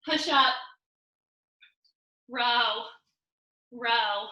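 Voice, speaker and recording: Leading a live online workout class, a woman fitness instructor counts down intervals and reps, cues form, and tosses in joking asides, all in an upbeat coaching style while a little out of breath. Her voice is a little high, very slow and sharp-toned, with the highs cut off and a roomy echo around it.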